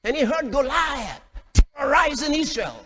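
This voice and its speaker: A male pastor preaching a fiery, dramatic sermon, shouting at peaks and acting out voices. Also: extremely high pitch, animated, normal speed. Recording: echoey hall, dull lo-fi sound.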